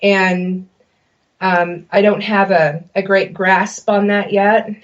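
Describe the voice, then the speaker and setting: Woman, mid-pitched, empathic co-host who speaks in halting fragments; distant, muffled recording. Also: level tone. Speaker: podcast co-host. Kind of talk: casual podcast chat. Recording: distant, dull lo-fi podcast audio.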